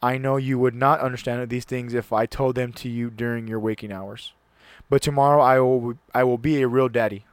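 A man's voice: mid-range voice, steady tone, fairly quick, clean tone, no echo. Male host, mid-range voice, dry close mic; casual solo talk, earnest read-aloud with occasional stumbles. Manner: reads aloud earnestly, stumbles and restarts on words.

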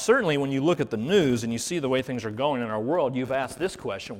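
A man's voice: mid-range voice, animated, quick pace, few pauses. Male pastor, mid-range voice, earnest sermon delivery from a reverberant church hall. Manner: earnest, reflective, with rhetorical questions. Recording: reverberant hall, faint noise.

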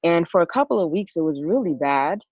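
A woman, a working parent, talking in a casual chat in a reflective, worried way, with many halting restarts. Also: fairly low pitch, animated, breathy edge, no echo, dull audio. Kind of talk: casual podcast conversation.

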